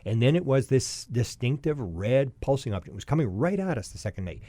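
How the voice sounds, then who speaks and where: A man in his sixties telling a long personal story as a podcast guest, lively and anecdotal, often restarting his sentences. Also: mid-range voice, a little fast, no room sound. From Canada.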